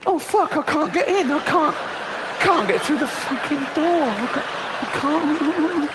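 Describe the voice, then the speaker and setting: A man's voice: extremely high pitch, animated, a little slow, pitched above the performer's own voice. A man voicing a frantic, hungry shopper who is stuck at a door, squealing and panicky, in a live comedy hall. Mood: panicked. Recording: long hall reverb, faint noise.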